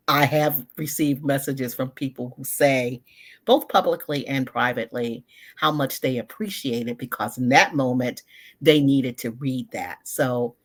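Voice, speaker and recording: Low-voiced woman in her sixties, expressive. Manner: thoughtful, expressive, emphatic. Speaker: guest, social media word educator. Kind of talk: conversational interview.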